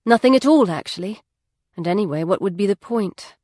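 A woman's voice: medium pitch, lively intonation, a little fast, dark tone, no echo, close to an everyday voice. Woman voicing a young businesswoman, proud, guarded, clipped speech, audiobook, dry sound. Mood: tense.

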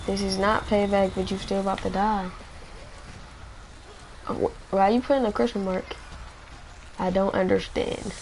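Excitable slangy male gamer. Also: sits high, moderate pace, pauses often, a little hiss or hum. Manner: excitable slangy trash talk, repeats phrases. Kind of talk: live gameplay commentary.

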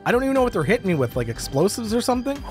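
A man narrating and reacting live as a gaming YouTuber, excitable and quick to cry out in alarm. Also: high voice, over music. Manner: excitable, lots of startled exclamations. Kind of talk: let's-play commentary with narration.

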